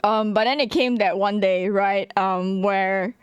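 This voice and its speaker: A young adult woman casually telling a story about her school days, animated, laughing often and swearing freely. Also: medium pitch, a little slow, clear, resonant tone, dry recording, highs cut off.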